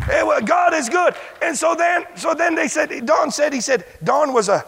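High-voiced, gravelly preaching man. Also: lively intonation, moderate pace, hardly any pauses, a little hiss or hum. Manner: repeats words while building up, swings to shouted exclamations. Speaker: pastor. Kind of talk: sermon with a healing testimony.

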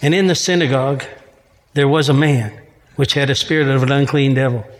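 A man's voice: mid-range voice, brisk, long reverb tail. A man preaching a sermon in a church, reading scripture and mixing in casual asides and jokes. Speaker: pastor.

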